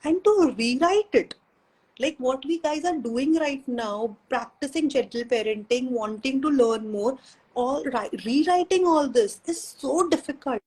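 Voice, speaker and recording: A woman's voice: sits high, unhurried, darkish tone, husky, poor audio. A woman chatting on a parenting live stream, giving earnest advice and slipping in Hindi phrases. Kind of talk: casual live chat.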